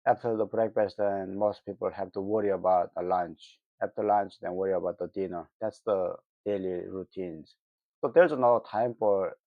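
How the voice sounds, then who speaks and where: A lower-voiced man with a North Korean accent talks through his views in English, his second language. He stops often on fillers, then speeds into sharp, mocking jabs. The sound is dull and lo-fi, and very dry. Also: no room sound. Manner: halting, many fillers, heated mocking asides. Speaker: vlogger. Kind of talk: casual opinion monologue.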